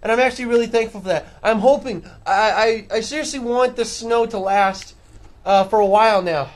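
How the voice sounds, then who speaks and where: A man vlogging outdoors in a snowstorm, excitable and rambling, out of breath, talking into a handheld camera mic. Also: high voice, fairly quick.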